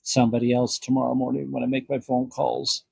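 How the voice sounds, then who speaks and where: A man hosting a casual podcast chat, talking in halting bursts with frequent restarts and the odd curse. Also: medium pitch, monotone, gravelly, a little mellow, slightly rough, no room sound. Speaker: podcast host.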